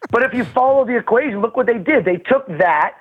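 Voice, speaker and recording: A man's voice: very high-pitched, husky, phone-quality sound. A man, a comedian guest, joking through casual podcast banter. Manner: joking, animated, quick to do voices.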